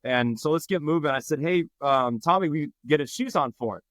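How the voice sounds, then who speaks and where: A man from Nebraska tells a story with an animated, casual delivery and slips into quick voices for the people in it. His voice sits a little high. The podcast mic is close and dry, with no room sound. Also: no echo. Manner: animated, acts out quoted voices. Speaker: firefighter guest.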